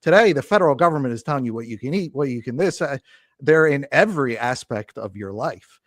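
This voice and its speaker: A man's voice: mid-range voice, lively intonation, brisk, no room sound, studio quality. A man speaking as a guest in a casual interview, arguing his points earnestly and with conviction. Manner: earnest, impassioned argument. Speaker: podcast guest.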